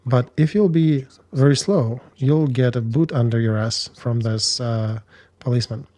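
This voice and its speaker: A man discussing war news in a measured, analytical way, speaking bluntly. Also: mid-range voice, dark tone.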